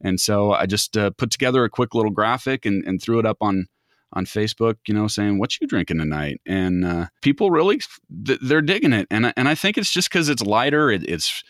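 A man's voice: lowish voice, expressive, fairly quick, fairly bright tone, no room sound, studio quality. A man from the American Midwest chatting casually as a podcast guest, rambling and often restarting his words. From Midwest United States. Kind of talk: casual chat.

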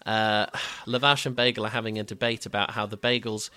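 A man's voice: fairly low pitch, little pitch movement, a little fast, bright, forceful tone, no echo. A young man co-hosting a film review podcast, chatting casually with frequent stumbles and laughs. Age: young adult. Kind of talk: casual chat.

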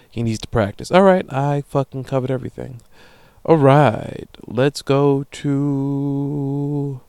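A young man hosts a podcast in a loose, swearing monologue, acting out the people in his stories. His voice is smooth and resonant. It sits close and dry on the mic, with no room sound. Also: medium pitch, no room sound. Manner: profane, animated storytelling with voiced quotes. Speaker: podcast host. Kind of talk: casual monologue reading listener emails.

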